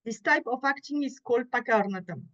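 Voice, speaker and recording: A woman with a French accent, reading an academic paper aloud at a conference in a careful, measured way, pausing now and then to correct a slip. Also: a little high, expressive, a bit bright. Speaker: conference speaker. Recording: muffled, lo-fi conference audio.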